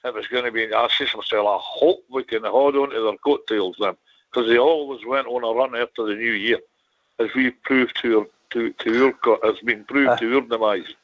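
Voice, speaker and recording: A man's voice: mid-range voice, steady tone, moderate pace, highs cut off. A man on a radio panel, rambling and restarting his sentences. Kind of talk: casual radio chat.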